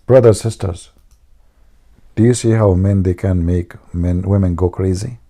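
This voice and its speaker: A man's voice: deep voice, fairly even intonation, a little slow, dark tone. A man hosting a livestream, teasing his viewers and laughing at his own jokes. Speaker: livestream host. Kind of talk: joking livestream chat.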